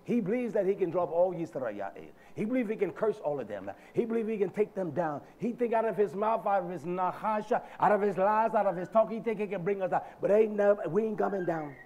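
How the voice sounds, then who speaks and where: A male preacher giving a sermon in a dramatic, colloquial manner, swinging from shouted lines to low murmurs. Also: animated, brisk, few pauses, muffled recording.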